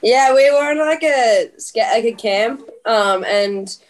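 A woman's voice: a little high, slow pace, rough recording. A woman talking as a podcast guest in a casual, filler-heavy way. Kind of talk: casual chat.

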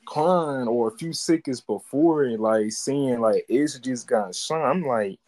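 A young man hosting a podcast in casual, slangy chat, animated and full of "like". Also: medium pitch, a little slow, poor audio. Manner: slangy, animated, repeats filler "like". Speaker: podcast host.

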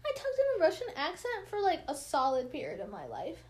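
A young American woman tells stories in a casual chat with friends, rambling along with lots of fillers and easy laughter. Her high, darkish-toned voice has a slight lisp, wildly swooping pitch, and a slightly fast pace.

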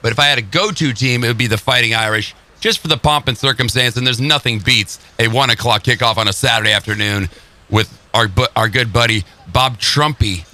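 A man's voice: medium pitch, brisk, sharp tone. A man co-hosting sports radio with joking, teasing banter. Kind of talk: casual sports talk.

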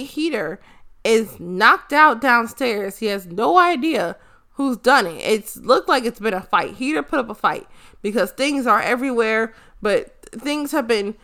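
Bright, blunt woman recapping an episode. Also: on the high side. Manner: blunt, profane, rambling. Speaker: show recapper.

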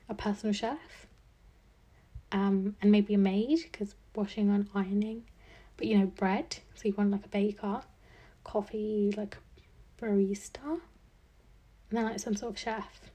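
A young woman in her early twenties hosts a solo podcast in a loose, chatty way, thinking out loud with lots of likes and ums. Her voice is husky and breathy, sitting at an ordinary middle pitch. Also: fairly even intonation, unhurried, pauses often. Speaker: podcast host. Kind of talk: casual solo podcast chat.

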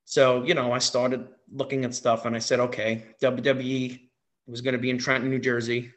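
Here a guest who impersonates wrestlers recounts a story, excited and loose, repeating himself and leaning on filler words. He speaks at a moderate pace with a medium-pitched voice.

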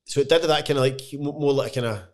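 A man's voice: medium pitch, darkish tone. A Scottish man chatting casually as a guest songwriter, stumbling over his words and restarting often, with plenty of swearing. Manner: halting, many restarts, swears freely. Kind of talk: casual chat.

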